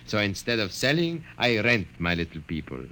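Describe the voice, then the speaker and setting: An actor playing a proud, sly doll master who speaks in a theatrical, boastful manner, in 1940s radio-play style. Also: male voice, lowish voice, very animated, moderate pace, sharp tone, heavily acted.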